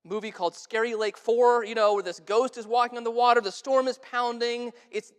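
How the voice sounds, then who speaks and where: A man preaching a sermon as pastor, talking earnestly and conversationally, dropping to a hushed voice when he quotes. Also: very high-pitched, fairly even intonation, a little fast, smooth. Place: church sanctuary. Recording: church sanctuary with long reverb.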